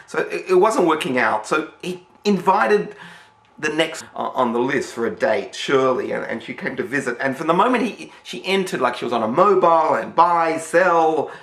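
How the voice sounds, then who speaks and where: Gravelly Australian man telling a rambling story. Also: fairly high pitch, expressive, normal speed, a bit bright. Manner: rambling, many fillers and restarts. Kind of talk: casual spoken storytelling. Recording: roomy echo.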